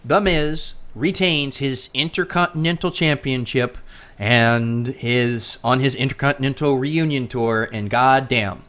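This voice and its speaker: A woman's voice: rumbling low, unhurried, a bit bright. A woman hosting a casual chat podcast, sarcastic and rambling, often stuttering as she talks. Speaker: podcast host.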